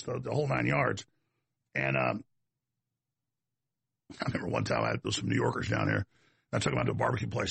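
A man's voice: mid-range voice, creaky, fairly bright tone, slightly rough, no room sound. A man with a Texas accent, hosting a talk show in a rambling, combative, folksy monologue that wanders off on tangents.

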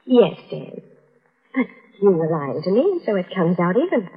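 A woman's voice: fairly low pitch, big pitch swings, moderate pace, husky, full character voice. A woman playing a young fiancée who turns into a cold, calculating blackmailer, in 1940s radio drama style, sweetly coaxing then icy. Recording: dull old radio broadcast.

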